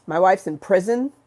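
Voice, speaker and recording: A woman plays a tough, vengeful older sister who speaks loud and gruff. Every word lands as a threat, delivered slowly and heavily. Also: medium pitch.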